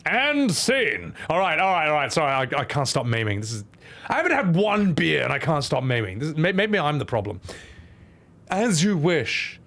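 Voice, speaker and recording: A man's voice: a little high, big pitch swings, fast, vocal fry, a bit bright. A man giving casual, joking, rambling gameplay commentary as a streamer. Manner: joking, rambling, self-mocking.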